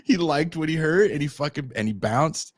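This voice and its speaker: A man's voice: fairly high pitch, expressive, moderate pace, no echo. Dry-sounding man telling a laughing story. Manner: storytelling with acted quotes and lots of laughing. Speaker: podcast co-host. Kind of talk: casual chat. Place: living in Mexico.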